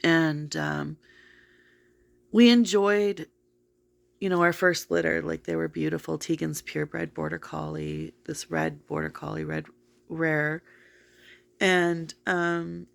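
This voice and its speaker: A woman's voice: low-pitched, fairly even intonation, slow, creaky, long pauses. A woman telling a long personal story in a casual vlog, rambling with many fillers. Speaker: vlogger.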